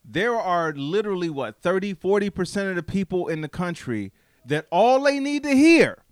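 A man's voice: high-pitched, sing-song, moderate pace, clear, resonant tone, dry recording, clean studio sound. A man co-hosting a casual political chat, heated, blunt and swearing freely.

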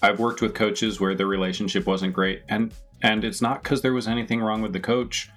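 A man's voice: on the low side, little pitch movement, fairly quick, a bit bright, soft background music. A man hosting a podcast interview, candid and enthusiastic in casual chat. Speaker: podcast host.

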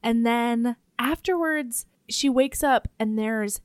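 A woman's voice: a little high, slow, clean tone, dry recording, clean studio sound. A young woman co-hosting a book podcast, chatting candidly and bluntly, swearing freely. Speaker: podcast co-host discussing a book. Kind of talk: casual chat.

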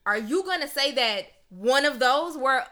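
A woman's voice: high voice, expressive, measured pace, bright, forceful tone. A woman co-hosting a podcast, blunt and profane in casual chat. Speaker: podcast co-host.

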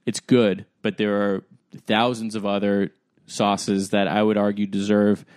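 A man's voice: lowish voice, level tone, measured pace, darkish tone, clear, resonant tone, no echo, clean studio sound. Rambling young man telling a comedic story. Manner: rambling, full of "like" and "um", self-deprecating. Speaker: podcast co-host.

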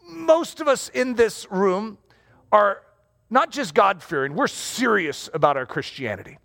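A man preaching a sermon to a congregation in a conversational, animated way. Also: high-pitched, unhurried, gravelly. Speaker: pastor. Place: church hall before a congregation. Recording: long hall reverb.

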